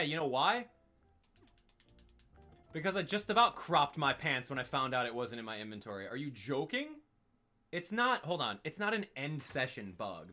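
A man giving live commentary on a game stream, excitable and exclaiming as he rants in frustration. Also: medium pitch.

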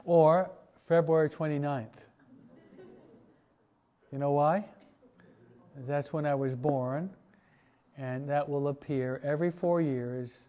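A man, a priest, teaching a parish catechesis class in a relaxed, conversational way, asking his listeners questions. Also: a little high, slow, pauses often, phone-quality sound. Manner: conversational, asks the audience questions, many restarts and asides. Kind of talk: informal parish teaching talk.

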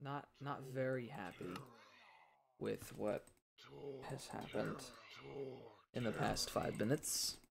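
A man's voice: lowish voice, slow pace, vocal fry, pauses often, a crowd in the background. A man hosting a game let's play at home late at night, exasperated and muttering to himself as he plays. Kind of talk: gaming commentary. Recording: noisy recording with keyboard clicks.

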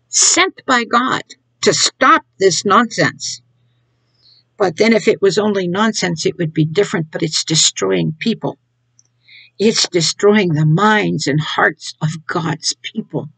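A woman preaches informally to online viewers, laughing at what she describes and mimicking others with scorn in a mocking tone. Her mid-range voice is creaky and a bit bright, with a breathy edge. There's no room sound, and the recording is rough.

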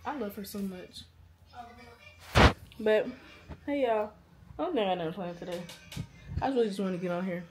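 A woman's voice: medium pitch, moderate pace, long pauses, music in the background. Chatty young woman vlogging casually. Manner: chatty, slangy, laid-back. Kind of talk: casual vlog talk to camera.

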